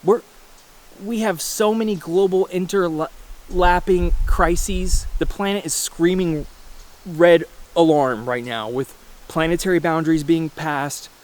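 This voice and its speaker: A man's voice: on the high side, slow, darkish tone. A man in his thirties giving a casual, rambling rant to camera, blunt and full of swearing, with frequent restarts. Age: 30s. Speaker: vlogger. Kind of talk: casual ranting monologue.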